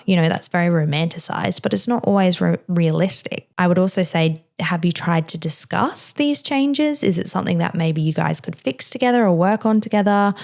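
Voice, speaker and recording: A woman's voice: fairly low pitch, creaky, a little mellow. Frank, chatty woman podcast host. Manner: frank, chatty, heavy use of "like" and "you know". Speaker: mother. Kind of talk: casual advice chat.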